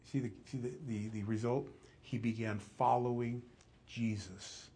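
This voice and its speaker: A pastor preaches an expository sermon, telling the story with animation and dropping low and soft for emphasis. His husky voice keeps a steady tone and moves a little slowly.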